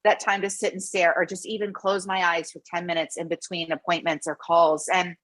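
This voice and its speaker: A woman's voice: lowish voice, brisk. A woman guest author and coach, talking earnestly and with feeling on a remote interview call. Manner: earnest, animated, emotional. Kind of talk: conversational interview. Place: New York City.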